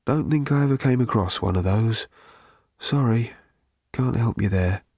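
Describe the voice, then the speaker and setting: A man voicing an ancient, depressed male robot that talks in a slow, croaking, hollow rattle full of self-pity. The reading is an audiobook. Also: mid-range voice, mellow, dry recording, clean studio sound. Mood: gloomy. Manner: slow, mournful, self-pitying drawl.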